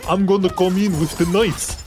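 A man voicing a gruff, boastful male fighter with a mock Russian-sounding accent, as a joke during game commentary. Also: high-pitched, fairly even intonation, normal speed, over music, close to an everyday voice. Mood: cocky.

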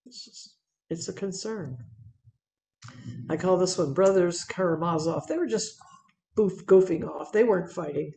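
A woman speaks to an audience about her photos with a gravelly edge in her voice. Her delivery is chatty and lively, full of small fillers and restarts. The sound carries the echo of a room. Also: fairly low pitch, unhurried, long pauses. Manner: conversational and animated, with fillers and repeats. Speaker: wildlife speaker presenting slides. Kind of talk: public talk narrating photos.

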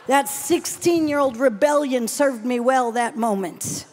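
A middle-aged woman preaching a sermon with personal testimony, animated and playful, dropping to hushed tones between exclamations. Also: high voice, normal speed, few pauses. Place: large event hall, live audience.

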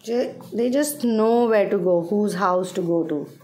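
A spiritual counselor and channel host speaks a little slowly in a mid-range voice, with slight background noise. She is at home, warmly telling a spiritual story in a chatty, conversational style.

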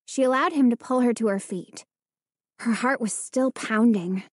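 A woman narrating a children's horror storybook in a measured, suspenseful reading. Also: a little high, dry recording, clean studio sound. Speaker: audiobook narrator.

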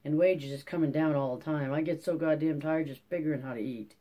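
A reader voicing a weary older male migrant farmworker in a gruff, folksy drawl, in an audiobook reading. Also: medium pitch, brisk, mellow, close to an everyday voice. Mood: bitter.

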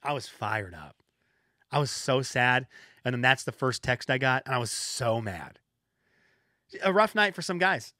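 A man hosting a solo sports podcast, ranting in an exasperated way and second-guessing himself out loud. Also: mid-range voice, normal speed, no echo, clean studio sound. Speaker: podcast host.

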